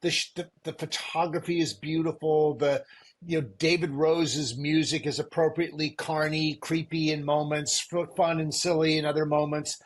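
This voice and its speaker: A man co-hosting a podcast, speaking in a measured, thoughtful way with hesitant restarts. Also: on the high side, flat delivery. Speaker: podcast co-host. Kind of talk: casual recap chat.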